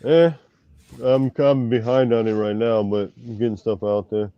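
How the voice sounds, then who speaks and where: A man's voice: fairly even intonation, moderate pace, clean tone, dry recording. Guest man, casual and unsure, dry dull sound. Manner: hesitant, low-key. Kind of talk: casual chat.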